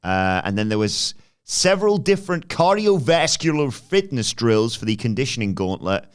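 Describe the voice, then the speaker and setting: A man's voice: mid-range voice, very animated, moderate pace, clean tone. A man co-hosting a podcast, recapping events in a casual, offhand way. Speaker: podcast co-host. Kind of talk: casual wrestling recap chat.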